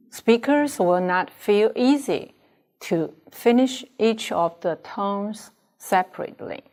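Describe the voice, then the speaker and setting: Speaking slowly and deliberately, a Chinese language teacher whose first language is Chinese demonstrates pronunciation for her students to echo back. Her accented voice is mid-range with a darkish tone.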